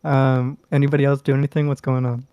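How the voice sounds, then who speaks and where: Mellow-voiced man rambling as game master. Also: mid-range voice, flat delivery, fast, clear, resonant tone, no room sound. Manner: rambling, loose casual narration with many fillers and laughs. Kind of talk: narrating a tabletop game.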